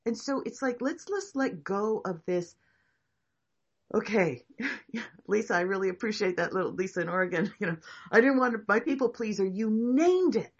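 A woman facilitating a group discussion, reflective and encouraging, talking in halting restarts. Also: medium pitch, expressive, husky, dull audio.

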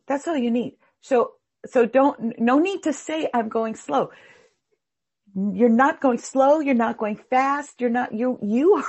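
A woman's voice: medium pitch, vocal fry, a little mellow, slightly rough. A woman teaching a spiritual class in a heartfelt, rambling, emphatic way. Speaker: meditation teacher.

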